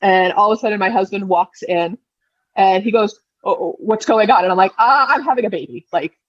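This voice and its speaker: Thirties woman guest, casual storyteller who plays out the dialogue, mid pitch, dry dull lo-fi sound. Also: a little fast, no room sound. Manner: lively retelling, acting out quoted lines. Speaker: podcast guest.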